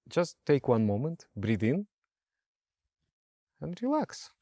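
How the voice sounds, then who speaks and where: A man teaching yoga and meditation in an animated way, asking rhetorical questions and telling stories. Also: medium pitch, a little slow, pauses often, dry recording, clean studio sound. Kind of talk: spoken meditation lesson.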